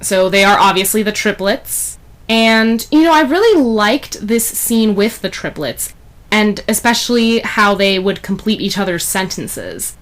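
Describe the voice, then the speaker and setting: A woman's voice: mid-range voice, expressive, a little slow. A woman giving a casual, rambling spoken review of a story chapter, full of fillers and asides. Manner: chatty, rambling, many fillers like "you know". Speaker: fan fiction reviewer.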